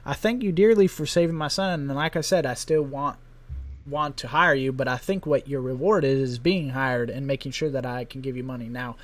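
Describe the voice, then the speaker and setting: A flustered farmer who trips over his words and keeps defending himself, as a man acts him out. His voice sits a little higher and louder than plain talk. He sounds like a character in a tabletop game. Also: fairly quick, natural voice. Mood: insistent. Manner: stammering, exasperated. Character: flustered middle-aged male farmer, defensive.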